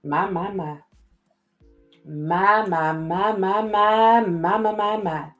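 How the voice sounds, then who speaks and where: A woman's voice: mid-range voice, extremely slow, a bit bright. A woman with a Southern US accent hosting a casual livestream, reading viewer comments and thanking people by name again and again. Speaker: livestream host. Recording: roomy echo with faint music.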